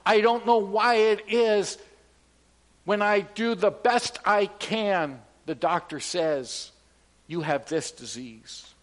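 A man's voice: high voice, slow. A man delivering a sermon as pastor, from Canada, emphatic and leading the congregation in call-and-response.

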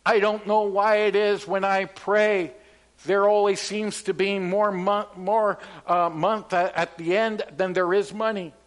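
A man's voice: sits high, little pitch movement, unhurried. A man delivering a sermon as pastor, from Canada, emphatic and leading the congregation in call-and-response.

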